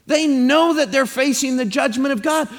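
High-voiced preacher in a reverberant hall. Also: male voice. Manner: emphatic, drawn-out preaching with repeated phrases. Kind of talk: sermon with scripture reading.

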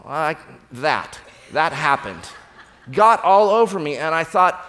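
A male pastor with a high, light voice preaches a sermon, breaking into a joke and acting out each character with animated, shifting voices. His words ring out with a long echo, as in a large church hall. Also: slow.

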